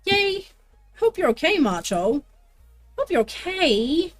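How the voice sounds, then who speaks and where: Soft background music plays as a woman crafts live and chats with viewers, bubbly and playful, often singing or laughing. Her voice is very high and sing-song, and she takes it slowly.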